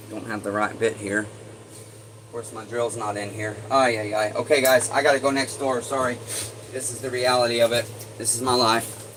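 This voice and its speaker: Flat-voiced man muttering in a workshop. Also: lowish voice. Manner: mutters and swears under his breath as he works. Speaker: chainsaw repair streamer. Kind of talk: casual livestream talk while working. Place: repair workshop. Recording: steady air-conditioning hum.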